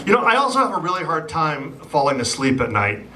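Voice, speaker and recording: A man performs stand-up in a chatty, self-deprecating way, filling gaps with ums and asides. His fairly high voice moves around a lot. He sounds distant, with a loud live crowd and heavy noise around him. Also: very animated, quick pace. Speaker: stand-up comedian. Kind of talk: stand-up set. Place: theatre stage before a live audience.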